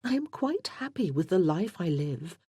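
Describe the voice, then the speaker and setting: A man voicing a warm, candid young widow in an audiobook, talking earnestly and a little breathlessly. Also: high voice, big pitch swings, normal speed, husky, no room sound, clean studio sound, full character voice. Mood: reassuring. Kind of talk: audiobook character voice.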